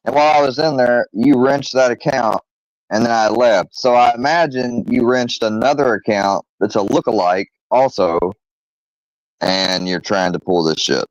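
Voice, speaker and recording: A man hosting his own channel, rambling defensively with many fillers and pauses as he rants casually. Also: mid-range voice, dry recording. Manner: rambling, halting, full of fillers; defensive, irritated. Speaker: channel host. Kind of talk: rambling casual vlog rant. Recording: dull lo-fi close recording.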